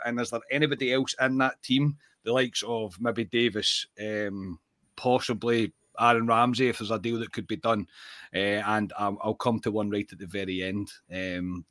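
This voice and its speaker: A man hosting a casual football podcast, with a frog in his throat that keeps him clearing it and coughing. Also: medium pitch, fairly bright tone, no room sound, studio quality. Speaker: podcast host. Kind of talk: casual podcast chat and read ad.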